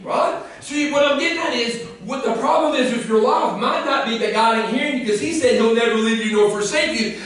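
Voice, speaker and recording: A man preaching a sermon to a responding congregation, fervent and calling out, at times rising to shouts. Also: very high voice. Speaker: pastor. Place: church sanctuary. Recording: echoey church hall from a distant mic.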